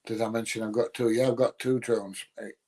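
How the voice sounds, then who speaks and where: A man's voice: medium pitch, level tone, brisk, darkish tone. A middle-aged man from the UK talks casually to his livestream viewers. He rambles, trails off and fills gaps with ums and uhs. His voice sits in an ordinary middle range. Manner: rambling, filler-heavy, chatty. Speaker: livestream host answering chat. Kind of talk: casual chat.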